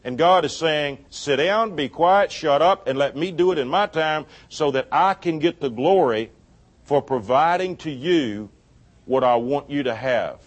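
A middle-aged man preaching a sermon, telling a personal story with lively quoted dialogue and laughing at his own jokes. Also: on the high side, unhurried.

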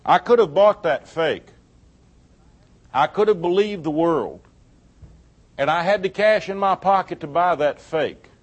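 A man's voice: fairly high pitch, a little slow, pauses often. Storytelling preacher, man. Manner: storytelling, animated quoted dialogue, laughs at own jokes. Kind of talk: sermon.

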